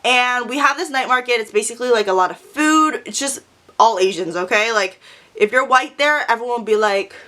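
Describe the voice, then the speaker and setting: High, bright-voiced young woman. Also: fairly quick. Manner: animated, profane, dramatic storytelling. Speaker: vlogger. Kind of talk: storytime vlog.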